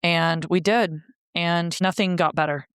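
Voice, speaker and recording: A woman's voice: fairly low pitch, fairly even intonation, unhurried, fairly bright tone, clean tone, no room sound, clean studio sound. A woman telling her own story as a podcast guest, in a blunt, profane way and with wry laughter. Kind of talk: candid storytelling.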